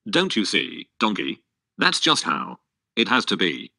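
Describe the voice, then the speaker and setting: A man's voice: fairly low pitch, measured pace, gravelly, dry recording, full character voice. A male computer voice reading a cursed princess. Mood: sad. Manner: flat synthetic reading, no acting. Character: young princess under a spell, sad and proud. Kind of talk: text-to-speech script reading.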